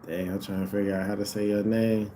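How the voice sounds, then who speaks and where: A man's voice: fairly low pitch, flat delivery, fast talker, dark tone, slight background noise. A man casually commenting on a live basketball game for his stream viewers, laid-back and slangy, talking straight to them.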